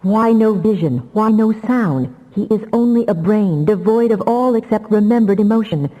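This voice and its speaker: A woman's voice: medium pitch, lively intonation, moderate pace, in a large hall, narrow, tinny audio, pitched above the performer's own voice, natural voice. A woman voicing a grim, implacable male telepath mind, insistent and urgent.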